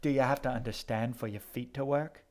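A shifty, sardonic boy guide from a storybook, answering everything with dry sarcasm, as a man reads him. He stays near the reader's own mid-pitched voice, flat and unimpressed. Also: a little fast, lightly acted.

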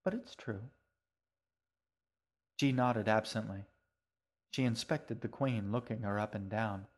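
A man narrating his own story in a calm, even way. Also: fairly low pitch, measured pace. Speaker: author and narrator. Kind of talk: scripted narration.

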